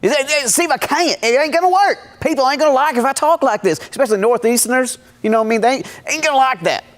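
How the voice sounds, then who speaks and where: A man's voice: very high-pitched, lively intonation, fast talker, fairly bright tone, in a large hall. A man putting on a folksy, pleading Southern US accent in a comedy skit. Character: man with a broad Southern drawl.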